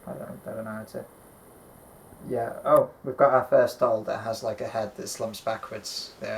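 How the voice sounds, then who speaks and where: Casual collector co-host, male, creaky voice, loose and rambly, swears a lot. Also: on the low side, slight background noise, low-quality recording. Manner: rambling, swears freely, many ums. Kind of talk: casual chat showing a collection.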